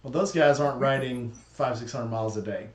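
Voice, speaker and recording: A man hosting a casual chat, telling stories in a relaxed, enthusiastic way. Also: medium pitch, brisk, reverberant. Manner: chatty, relaxed, enthusiastic storytelling.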